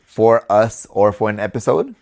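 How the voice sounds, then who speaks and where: A man's voice: lowish voice, expressive, moderate pace, creaky, a little mellow. A young man co-hosting a podcast, talking things through thoughtfully in casual chat and often restarting his words. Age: young adult. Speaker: podcast co-host.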